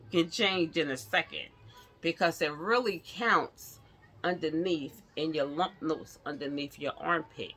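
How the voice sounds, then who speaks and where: A woman vlogger telling a personal story to her viewers in a casual, animated way, laughing often. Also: deep voice.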